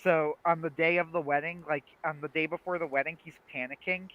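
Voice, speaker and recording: A man co-hosting a livestream in casual chat, retelling scenes with lively acted-out quotes. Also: a little high, brisk. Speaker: livestream co-host. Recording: dull lo-fi stream audio.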